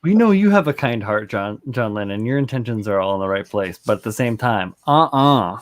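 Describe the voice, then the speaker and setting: A man's voice: fairly low pitch, lively intonation, a little fast, no echo. A man co-hosting a casual hobby stream, laid-back and upbeat, with casual swearing. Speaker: stream co-host. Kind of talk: casual chat.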